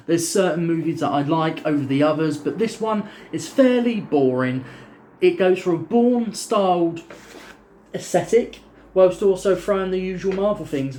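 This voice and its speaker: A male co-host chatting casually through a film review, opinionated and loose, pausing on fillers. His voice sits a touch high. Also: warm tone. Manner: rambling, opinionated, frequent fillers.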